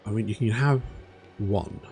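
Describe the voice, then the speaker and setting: A man's voice: lowish voice, normal speed, darkish tone. A man in his thirties giving let's play commentary, chatty, swearing and muttering to himself. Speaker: gaming channel host. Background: game music.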